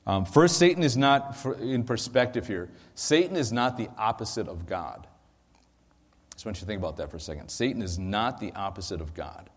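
A man's voice: on the low side, lively intonation, brisk, in a large hall. A male pastor teaching a sermon into a microphone, explaining in a conversational way with frequent ums and asides.

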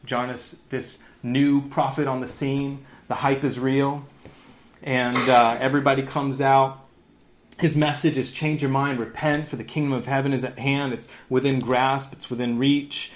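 A man in his thirties, a pastor giving a lively sermon, laughing often and dropping into sarcasm. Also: mid-range voice, measured pace, a little hiss or hum.

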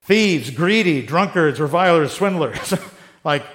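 Animated, high-voiced male Bible teacher. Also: slow. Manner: animated, joking, acts out quotes in voices.

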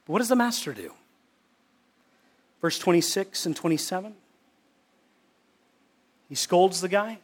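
High-voiced man preaching a sermon. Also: animated, unhurried, long pauses. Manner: emphatic, repeats words for stress. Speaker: pastor.

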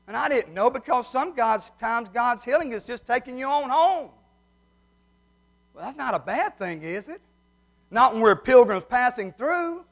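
Man, very high voice, folksy heartfelt preaching. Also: lively intonation, moderate pace. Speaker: pastor. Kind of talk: sermon with humorous story.

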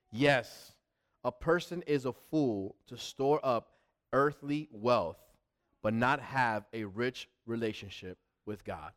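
A middle-aged man preaching a sermon with a smooth, clear, slightly high voice. He presses his points with repetition, rising loud and then dropping to a hush. The delivery is emphatic and direct. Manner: emphatic, repeats words, swings from loud to hushed. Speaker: pastor.

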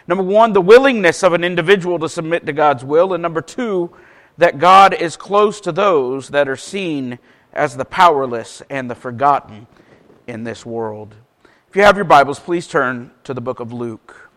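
A man giving a sermon as a pastor, telling a light joke and then reading Scripture with loud, rising emphasis. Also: a little high, normal speed, poor audio. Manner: relaxed storytelling with jokes, grows loud and emphatic reading Scripture.

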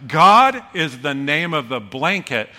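Middle-aged male pastor with a bright, lively delivery, preaching in a reverberant hall. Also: a little high, slow. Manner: storytelling, animated, self-deprecating humor. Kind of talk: sermon.

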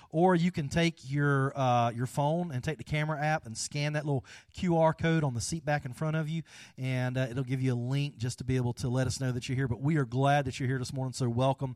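A man in the pulpit giving a folksy, conversational sermon that climbs into animated emphasis. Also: mid-range voice, dry recording. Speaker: pastor. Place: church sanctuary.

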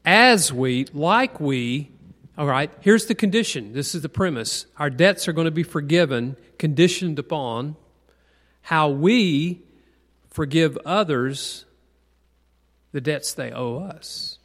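A man's voice: a little high, lively intonation, takes it slowly, fairly bright tone. A man teaching a Bible class in a conversational sermon style, asking the group questions and repeating key points for stress. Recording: long hall reverb.

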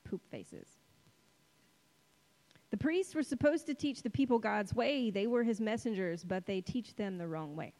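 A woman preaching a sermon in a conversational, playful way, slowing for dramatic pauses on key words. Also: a little high, darkish tone, poor audio.

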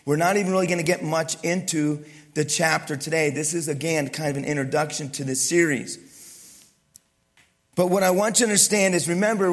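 Animated male pastor preaching. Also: a little high. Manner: animated preaching, swings from loud emphasis to quiet asides, joking. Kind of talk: sermon.

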